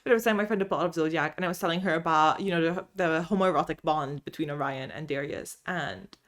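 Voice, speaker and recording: A woman chatting casually about books as a vlogger, bubbly and animated, laughing often while she tells stories from home. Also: low-pitched, quick pace. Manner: animated storyteller. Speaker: book vlogger. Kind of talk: casual chat.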